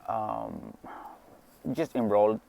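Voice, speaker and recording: A man voicing a curious female school nurse, speaking softly and asking questions. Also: fairly low pitch, big pitch swings, very slow, vocal fry, heavily acted.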